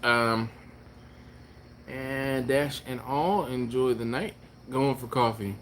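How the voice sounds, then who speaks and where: A man hosting a barbecue live stream, chatting casually and reading viewer comments aloud, with a laid-back, chuckling manner and drawn-out exclamations. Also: mid-range voice, a bit bright, slight background noise. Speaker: barbecue channel host.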